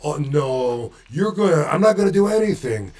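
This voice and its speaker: Boston muscle guy, cocky but flustered, high whiny voice, a guy doing the impression. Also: animated, moderate pace, a little mellow. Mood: wary. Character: cocky muscle-bound man, touchy and easily flustered.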